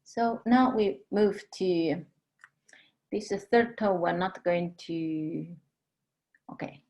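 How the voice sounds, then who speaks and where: A woman teaching a language lesson, patiently explaining tones and drawing out model words slowly. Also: lowish voice, vocal fry, darkish tone. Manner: slow, patient, drawn-out model pronunciations.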